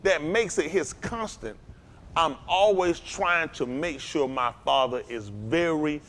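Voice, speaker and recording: A man preaching a sermon, animated and working with call and response, climbing to loud, high peaks. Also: takes it slowly.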